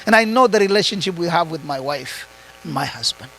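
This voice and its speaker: A man giving a high-voiced motivational talk. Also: expressive, brisk, sharp tone, slight background noise, rough recording. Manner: switches between English and Swahili, asks the audience rhetorical questions. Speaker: retreat speaker.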